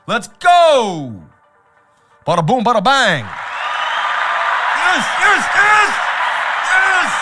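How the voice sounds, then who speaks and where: A man hosting a crypto trading livestream, talking in an excitable hype-man way with repeated catchphrases. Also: medium pitch. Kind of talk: hyped livestream chat.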